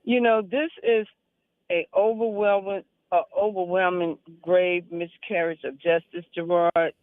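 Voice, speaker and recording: A woman's voice: on the low side, level tone, a little slow, no room sound. A woman calling into a radio show, speaking passionately and emphatically, repeating phrases for weight. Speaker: caller. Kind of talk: call-in radio talk. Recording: tinny phone line.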